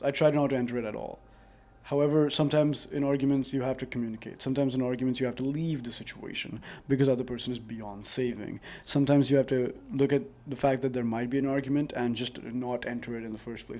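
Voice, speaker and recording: With a mellow, medium-pitched voice, this man rambles earnestly through relationship tips to camera, leaning heavily on "like." He's a vlogger giving a casual advice monologue, and he's using a new dedicated microphone.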